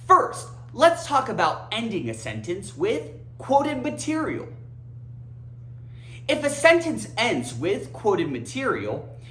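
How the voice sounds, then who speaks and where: A woman runs a playful grammar lesson, speaking slowly and deliberately with wide, swooping pitch. Her voice sits a little high and theatrical as she talks straight to the viewer. The sound is echoey, as in a bare room. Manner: animated, theatrical, addresses viewers directly. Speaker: English grammar teacher.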